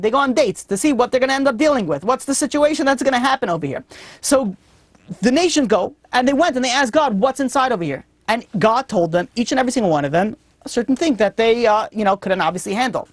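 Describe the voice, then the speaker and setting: A man teaches a Torah lesson as a rabbi, telling stories and acting out their characters. His delivery is animated. The recording is dry, with little room sound. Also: high voice, a little fast, dry recording.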